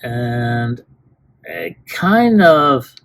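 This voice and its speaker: Man, mid-range voice, unhurried toy-review host who rambles and restarts a lot. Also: medium pitch, big pitch swings, fairly bright tone, slight background noise. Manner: rambling, many fillers and restarts. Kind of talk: casual unboxing review.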